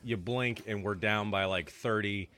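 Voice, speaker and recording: A man's voice: on the low side, measured pace, bright, forceful tone. A man hosting a casual basketball postgame show, loose and swearing as he runs the panel. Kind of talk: casual podcast chat.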